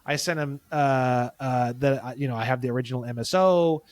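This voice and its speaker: A man's voice: medium pitch, brisk, darkish tone, no echo. A man guesting on a podcast, telling a long story in a rambling, profane and indignant way. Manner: heated, indignant. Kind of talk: casual podcast conversation.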